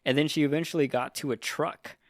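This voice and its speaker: A man's voice: on the high side, fairly even intonation, fairly quick, no echo, clean studio sound. A man chatting casually as a podcast host, retelling a story in a loose, rambling way with lots of swearing and filler. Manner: rambling, profane, heavy use of "like". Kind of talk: casual chat.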